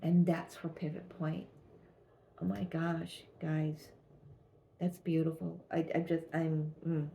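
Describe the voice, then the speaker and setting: A woman with a low, gravelly voice reads tarot cards in a gentle, halting way, often restarting her sentences. Her delivery stays flat and even, with a mellow, dark tone. Faint noise sits behind her. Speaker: tarot reader. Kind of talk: channeled tarot reading.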